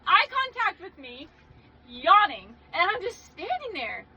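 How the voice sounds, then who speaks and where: A woman in casual chat on a podcast, telling animated stories and laughing often. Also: extremely high pitch, unhurried, over a noisy crowd. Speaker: podcast guest. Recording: dull lo-fi sound with clear background noise.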